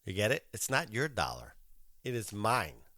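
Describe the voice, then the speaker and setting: A man's voice: lowish voice, huge pitch swings, moderate pace, pushed and bright, dry recording, clean studio sound. A man hosting a podcast, telling an annoyed story in a casual, profane rant and acting out both sides of his phone calls. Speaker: podcast host.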